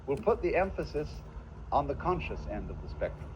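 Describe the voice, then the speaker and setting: A man's voice: fairly high pitch, big pitch swings, brisk, darkish tone, a little hiss or hum. A man giving a philosophical lecture in a musing way, asking the listener rhetorical questions, heard from a dull lo-fi archival recording.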